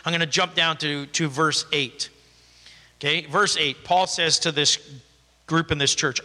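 A man preaching from the pulpit, his voice pitched high and very bright, cutting through the sanctuary. He leans hard into the scripture with stressed, rising phrases, then slips into relaxed, conversational explanation. The sound carries a long reverberant tail from the church hall. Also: unhurried. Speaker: pastor. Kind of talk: sermon with scripture reading.

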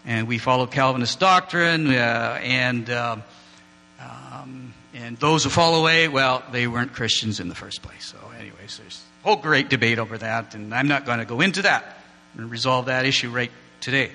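A man's voice: medium pitch, moderate pace, vocal fry, sharp tone. Chatty man lecturing in a reverberant hall. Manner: chatty, digressive, joking asides with the class. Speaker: church teacher. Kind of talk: informal classroom lecture with slides. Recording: long hall reverb, mains hum.

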